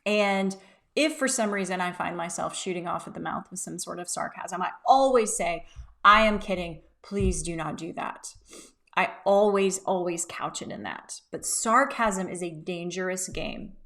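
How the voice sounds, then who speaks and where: A woman in her thirties, a business coach talking casually to camera, telling workplace stories with emphatic, animated asides. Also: lowish voice, moderate pace, gravelly.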